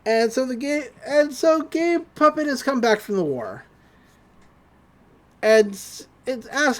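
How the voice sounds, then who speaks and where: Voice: high-pitched, expressive, takes it slowly, long pauses. A podcast host recapping a cartoon episode in casual chat, laughing often and acting out the characters' lines.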